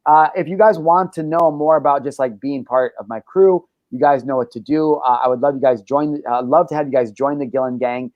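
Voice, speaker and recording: A man's voice: medium pitch, a little fast, few pauses, dry recording, lo-fi sound. Brash, profane man hosting a podcast. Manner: brash, profane, boastful storytelling. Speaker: podcast host. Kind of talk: casual podcast chat.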